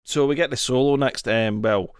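A man's voice: medium pitch, moderate pace, smooth, no echo, studio quality. A Scottish man co-hosting a podcast in casual chat, rambling and sweary, restarting his sentences. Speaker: podcast co-host.

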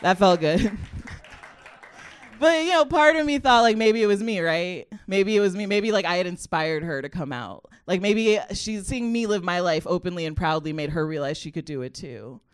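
A woman doing stand-up, telling a story with lively impressions of others. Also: on the low side, normal speed, clean tone, no room sound. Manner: animated storytelling, mimics others. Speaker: stand-up comedian. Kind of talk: stand-up comedy set.

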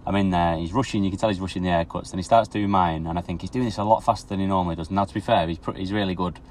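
A man's voice: low voice, steady tone, very fast. A man hosting a podcast, telling a rambling anecdote in a casual monologue with frequent restarts. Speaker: podcast host. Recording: loud traffic noise outdoors.

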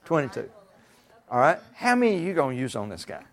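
Gravelly, fast-talking preacher man. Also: mid-range voice, big pitch swings. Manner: folksy, emphatic, rising to shouts and laughter. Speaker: pastor. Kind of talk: sermon.

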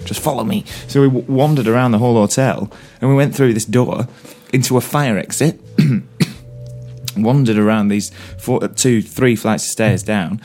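A man's voice: medium pitch, unhurried, a little mellow, faint music behind. A man from Burnley with a Lancashire English accent, co-hosting a podcast and telling rambling stories with many restarts. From Burnley, England. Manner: chatty storyteller, rambling with restarts. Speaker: podcast co-host. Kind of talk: casual chat.

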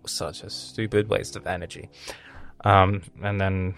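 Gravelly young man ranting. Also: low voice, normal speed. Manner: animated, swearing, self-mocking. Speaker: podcast host. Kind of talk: casual storytelling monologue.

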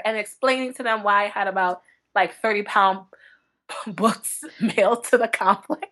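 Bright, lively woman telling stories. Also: a little high, moderate pace. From North Dakota, US. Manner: animated, laughs often, tells stories. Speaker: book blogger guest. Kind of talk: casual interview chat.

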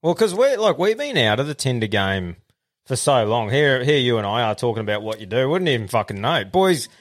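A man's voice: medium pitch, sing-song, a little fast. An Australian man co-hosting a podcast in casual chat. He laughs often and swears freely. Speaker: podcast co-host.

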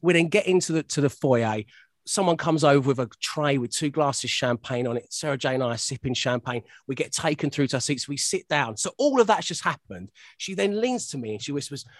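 A man's voice: a little high, expressive, fairly quick, dry recording, clean studio sound. A middle-aged man from London telling self-deprecating anecdotes in a casual chat. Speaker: radio host, guest curator.

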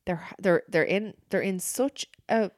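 A woman talking on a podcast, low-pitched and chatty, leaning hard on her points. The sound is dry and close, with no room around it. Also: unhurried, no room sound. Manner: chatty, emphatic, repeats herself. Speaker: podcast co-host. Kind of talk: casual chat.

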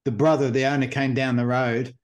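Brief: podcast host, rambling, casual storyteller, average pitch. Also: male voice, little pitch movement, fairly quick. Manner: rambling storyteller with many fillers. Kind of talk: casual chat.

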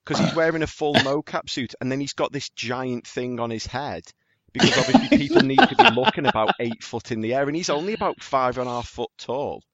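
A man's voice: mid-range voice, expressive, brisk, crowd noise. Swearing man telling jokey stories. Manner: swearing, storytelling with jokey impressions. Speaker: podcast co-host. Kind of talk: casual chat. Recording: dry, dull lo-fi audio.

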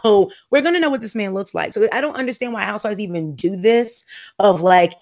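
A woman's voice: mid-range voice, brisk, a little mellow, lo-fi sound. An American woman chatting casually and opinionatedly about reality TV, laughing often and slipping into voices when she quotes friends.

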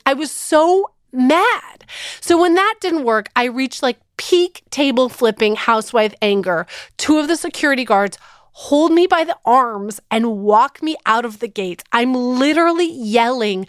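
A woman's voice: a little high, lively intonation, normal speed, no echo, studio quality. A woman in her thirties hosting a podcast, telling a story with fired-up, emphatic energy. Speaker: podcast host. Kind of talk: animated storytelling.

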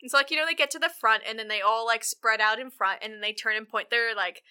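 A woman's voice: a little high, quick pace, bright, forceful tone, smooth. A woman casually recapping a film plot in a chatty way, peppered with "like" and frequent laughter. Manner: chatty, lots of "like", laughs often. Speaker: podcast co-host.

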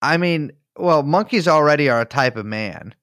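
Man co-hosting a podcast, jokey and teasing, lively pitch, dry close sound. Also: normal speed, dry recording. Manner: jokey, teasing, riffing with bits. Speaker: podcast co-host. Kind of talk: casual chat.

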